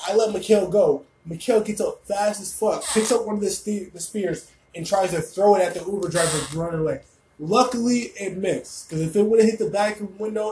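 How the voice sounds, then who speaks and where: A young man telling a story casually, animated, rambling and full of swearing. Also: sits high, reverberant, slight background noise, poor audio.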